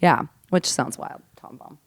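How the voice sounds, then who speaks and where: A woman in her fifties, a comedian guest telling stories on a casual podcast at the host's home, animated and swearing freely, swinging between hushed and loud. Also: a little slow, no room sound, clean studio sound. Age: 50s.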